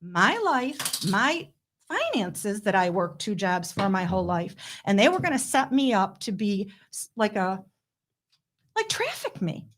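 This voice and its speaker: A middle-aged woman, a guest, telling her story in an impassioned, blunt way with quick asides. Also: medium pitch, sing-song. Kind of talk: emotional interview storytelling.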